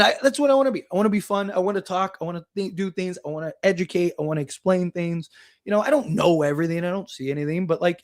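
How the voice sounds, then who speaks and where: Young guy livestreaming, kinda high voice, chatty and animated, laughs a lot. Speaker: livestream host. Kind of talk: casual livestream chat.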